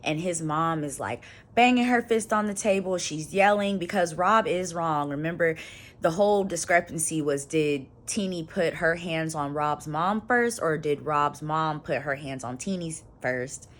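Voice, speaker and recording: Woman, fairly low voice, casual show recap, slangy, chatty asides to viewers. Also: a little slow. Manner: chatty, loose slangy storytelling with frequent asides. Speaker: channel host reviewing a reality show.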